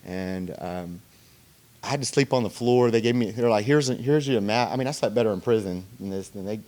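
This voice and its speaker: A man with a lowish, slightly mellow voice shares his recovery story with a meeting, in a meeting room. He speaks loosely and conversationally, with plenty of fillers and pauses.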